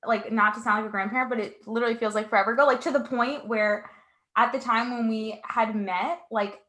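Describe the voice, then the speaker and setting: A woman's voice: on the high side, steady tone, fairly quick, fairly bright tone. A woman in her twenties chatting casually on a podcast, rambling with many fillers. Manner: rambling, filler-heavy, laughing. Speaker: guest.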